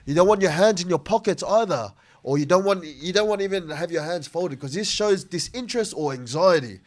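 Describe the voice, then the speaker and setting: A man from Sydney chats on a podcast with a fairly high, lively voice. He explains things eagerly, with plenty of examples and laughter. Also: brisk. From Sydney, Australia. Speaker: podcast co-host giving speaking tips. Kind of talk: casual podcast chat.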